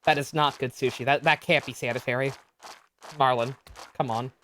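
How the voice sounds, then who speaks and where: A woman's voice: rumbling low, fairly even intonation, normal speed, fairly bright tone, slight background noise. A woman streaming a game, chatting casually, joking, swearing and laughing as she reads along. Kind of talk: casual let's-play chat with voice reading.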